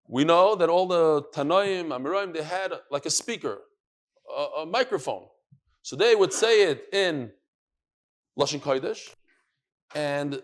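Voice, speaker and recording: A man, a rabbi, teaching a live Talmud class in a study hall. He tells stories with flair, acts out the quotes and talks straight to his students. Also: fairly high pitch.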